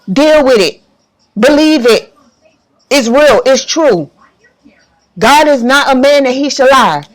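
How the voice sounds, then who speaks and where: A woman giving an impassioned religious monologue to camera, emphatic and repetitive, audibly emotional. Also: high voice. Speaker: faith vlogger.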